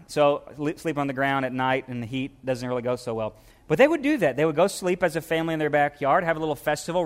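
Animated and middle-aged, the preacher from Louisiana gives a sermon in which quoted Bible passages come out quiet and low.

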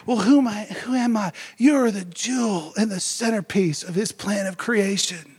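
A man delivers a sermon in a loose, conversational way, checking in with "right?" as he goes. His voice sits high and carries a gravelly edge. He swings from quiet asides to excited near-shouts. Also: normal speed, hardly any pauses. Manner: energetic, conversational, keeps asking "right?". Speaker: preacher.

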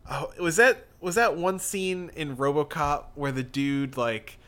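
A man's voice: a little high, unhurried, fairly bright tone. A man casually reading a comic aloud with a friend, rambling and giggling between lines. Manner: giggly, rambling, with many restarts. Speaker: co-reader.

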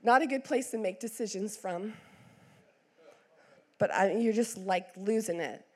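A woman's voice: medium pitch, a little slow, a little mellow. A middle-aged woman pastor telling a personal story in a sermon, acting out the quotes with big swings in her voice.

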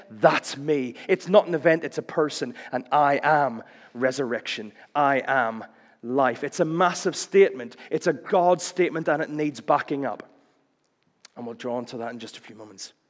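Man, preaching, fairly high voice, chatty and wry, long hall reverb. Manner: conversational, with wry jokes and questions. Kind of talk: sermon.

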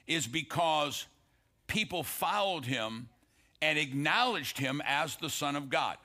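A pastor preaching a sermon, slowing down for emphasis and asking the congregation for an amen. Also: male voice, a little high, sharp tone. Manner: preaching, asks congregation "Amen?", quotes scripture with emphatic slowed phrases.

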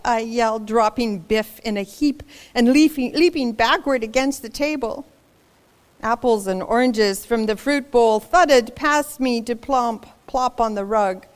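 A woman reading a children's picture book aloud, expressive and dramatic, pausing for asides to young listeners. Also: fairly high pitch. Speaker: storybook reader.

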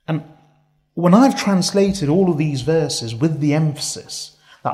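A man's voice: fairly high pitch, expressive, a little slow, a little mellow. A man preaching a sermon, reciting Arabic scripture and translating it with heavy emphasis, stacking ideas into long repetitive lists.

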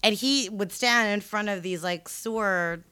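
A woman's voice: mid-range voice, bright, forceful tone, clear, resonant tone, no echo. A woman co-hosting a casual podcast chat, telling stories in a loose, slangy way. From San Francisco. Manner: loose, slangy, drawn-out storytelling. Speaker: podcast co-host.

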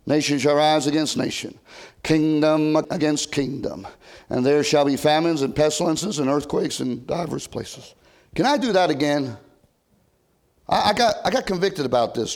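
An older man preaching an old-time sermon from a church pulpit, rising to loud shouted emphasis and dropping to quiet asides. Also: on the high side. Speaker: pastor.

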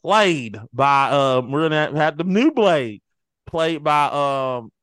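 Animated man pitching a film idea. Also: slow pace, smooth. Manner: animated storytelling, acting out loud profane character bits. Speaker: podcast panelist. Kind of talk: casual group chat.

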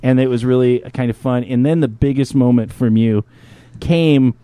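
A podcast host, an adult man who is a parent, tells a personal story in casual talk, swearing freely and jumping into animated impressions of other people's lines. His medium-pitched voice moves at a moderate pace with a clean tone, and the recording is dry.

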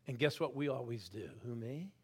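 Middle-aged guy preaching, gets loud then drops to near whisper, keeps egging the crowd on. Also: mid-range voice, a little fast, husky. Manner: animated, swings from loud calls to quiet intense asides; urges the crowd to respond. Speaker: guest preacher. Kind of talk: sermon.

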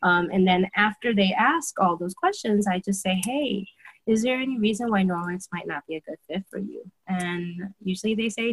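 A woman's voice: mid-range voice, fairly quick, rough recording. A woman talking through her sales routine step by step, acting out the phrases she uses with customers. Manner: lively, acts out her own quoted phrases. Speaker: guest sharing sales approach. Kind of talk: casual explanatory talk.

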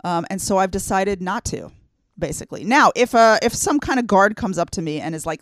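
A woman's voice: medium pitch, lively intonation, a little fast, dry recording. A woman co-hosting a talk show, speaking earnestly and conversationally, with frequent fillers as she thinks. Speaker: co-host. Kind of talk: casual chat.

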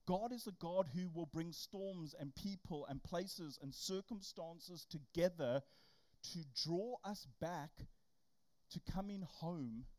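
A young adult preacher giving a casual, conversational sermon and acting out quotes. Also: medium pitch. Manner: conversational, animated, acts out quotes. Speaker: youth camp preacher.

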